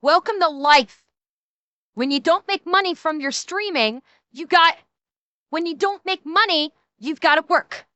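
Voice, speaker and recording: High, bright ranting woman streamer. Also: measured pace, no echo, lo-fi sound. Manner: blunt, profane, ranting. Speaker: streamer reacting to a video. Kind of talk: casual reaction commentary.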